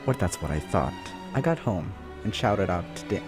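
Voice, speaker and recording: A man doing a comic read-through of fan fiction, animated and often breaking off to laugh and comment. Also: sits low, normal speed, over music. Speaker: YouTuber reading fan fiction. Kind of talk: comic reading with live reactions.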